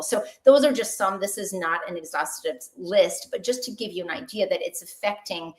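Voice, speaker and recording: Woman doctor, online health webinar, conversational and lively, quizzes the audience, mid-pitched voice. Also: normal speed, few pauses. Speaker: doctor giving a health talk.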